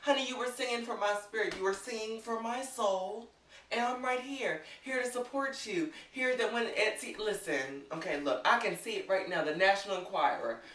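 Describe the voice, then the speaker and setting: A man's voice: high-pitched, moderate pace, recorded from a distance, slight background noise. Gushing man in an echoey room. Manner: gushing, theatrical, swings from shouts to near-whispers. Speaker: vlog host. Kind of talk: excited vlog monologue. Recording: echoey room, voice set back from mic.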